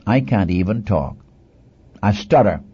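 A man's voice: lowish voice, lively intonation, unhurried, breathy edge, exaggerated voice. A man voicing a reluctant old male prophet who pleads and protests, full of excuses, on a dull lo-fi recording. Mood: anxious, protesting.

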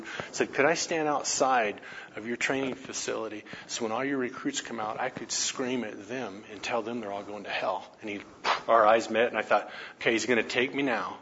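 A man's voice: mid-range voice, bright, forceful tone. A campus minister giving a conversational teaching talk, telling stories and often checking in with his listeners with tag questions. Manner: storytelling, frequent tag questions. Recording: dull lo-fi recording, faint noise.

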